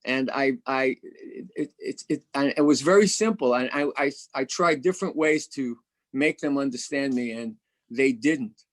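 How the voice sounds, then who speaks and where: A man's voice: mid-range voice, normal speed. A man giving a candid, self-mocking personal share at a recovery meeting as a guest speaker, often stammering and repeating words over a video call.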